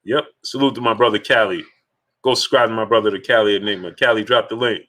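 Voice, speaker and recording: A man's voice: lowish voice, steady tone, fast talker, sharp tone. A man hosting a live sports stream in a casual, emphatic way, repeating his points and greeting viewers in the chat one by one.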